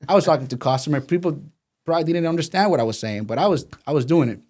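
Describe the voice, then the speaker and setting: A man in his thirties speaks English with a Venezuelan Spanish accent, telling his life story to an interviewer. His delivery is casual and animated, and he jumps into other people's voices whenever he quotes them. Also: a little high, very fast. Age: 30s. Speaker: guest.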